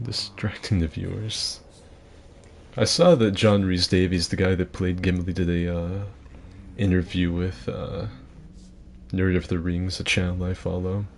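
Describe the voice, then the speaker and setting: A man in his twenties streaming a game from home, chatting in a rambling, casual way with swearing and keeping his voice fairly quiet. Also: low voice, flat delivery, moderate pace, creaky, slight background noise. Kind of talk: casual gameplay commentary.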